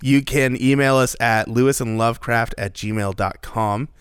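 A man's voice: medium pitch, normal speed, clear, resonant tone, no room sound, studio quality. A man co-hosting a podcast in casual chat, rambling and jokey with lots of fillers. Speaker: podcast co-host.

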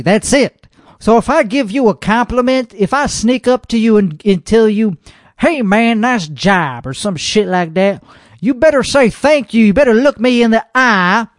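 A young man vents on his podcast in a high, reedy voice. He is boastful and irritable, and he swears in almost every sentence. The sound is dry and close, with no room around it. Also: no echo. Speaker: podcast host reacting to a show. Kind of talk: profane comedic rant.

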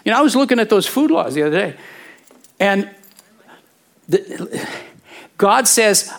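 Middle-aged male pastor, slightly high voice, conversational sermon delivery with rhetorical questions. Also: sing-song, unhurried, creaky, long pauses, a bit bright.

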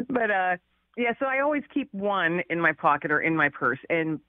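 A woman's voice: fairly low pitch, dry recording, narrow, tinny audio. A woman guest author telling a personal story in a chatty, casual way, laughing often and using many fillers.

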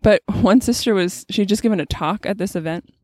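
A woman's voice: medium pitch, mellow, no echo, studio quality. A woman who is a religious sister co-hosting a podcast, chatting with lots of fillers and leading spoken prayer. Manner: chatty, many "like" fillers, leads prayer slowly. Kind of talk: casual chat and leading prayer.

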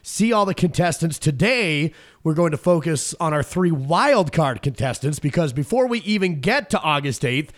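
A man hosting a podcast whose voice is still hoarse from being sick, upbeat as he promotes an event. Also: on the high side, animated, moderate pace. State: hoarse, recovering voice. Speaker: podcast host and competition organizer.

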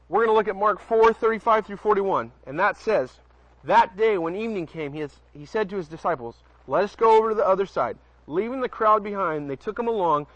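This man's voice sits high and a little bright, and the recording is dry and dull lo-fi. Outdoors at night near a porch, he reads Bible passages in a relaxed sermon, often fumbling words and chatting with his audience in asides.

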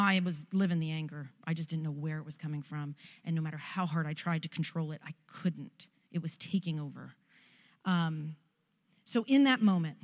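A woman's voice: a little high, big-room sound. A woman pastor preaching a sermon and telling a personal testimony in a conversational, heartfelt way.

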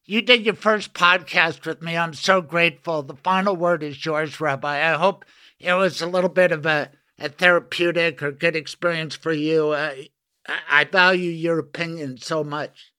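A man's voice: fairly high pitch, fairly even intonation, moderate pace, sharp tone, smooth. An older man hosting a podcast, talking earnestly and emotionally in a rambling way. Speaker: podcast host. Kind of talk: casual interview conversation.

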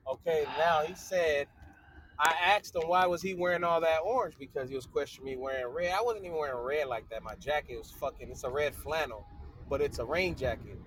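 A man's voice: fairly high pitch, brisk, a little hiss or hum, low-quality recording. A man from Compton telling a street story in casual talk, swearing and acting out what others said. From Compton, California. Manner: animated, swearing, acts out other people's lines.

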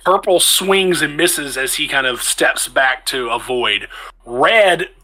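A man's voice: on the high side, animated, slow pace, sharp tone, rough recording. A man narrating a tabletop game as game master, in a casual way, stopping to correct himself as he goes. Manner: casual, stops to correct himself mid-sentence.

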